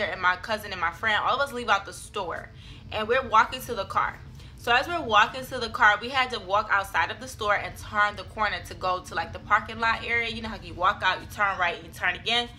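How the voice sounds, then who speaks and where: A woman's voice: medium pitch, sharp tone. A young adult woman telling a personal story on her vlog, in a chatty, dramatic style full of fillers. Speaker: vlogger.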